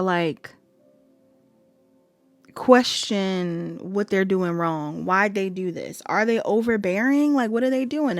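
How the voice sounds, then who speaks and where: A woman's voice: mid-range voice, dry recording. Chatty young woman reading tarot. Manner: chatty, laughs often, drops into whiny quoted voices. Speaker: tarot reader.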